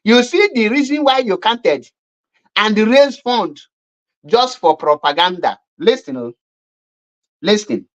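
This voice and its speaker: A woman's voice: medium pitch, lively intonation, takes it slowly, pauses often, dull audio. A woman with a Nigerian accent giving mocking online commentary, scornful and repetitive. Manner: scornful, repetitive, laughing at her opponents.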